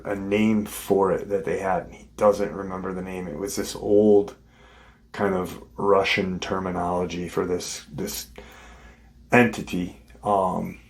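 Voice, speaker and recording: A man with a fairly low voice talks slowly and unhurriedly. He casually retells someone else's story as the host of his own show, in plain conversational speech. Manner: retelling a witness account in a conversational way.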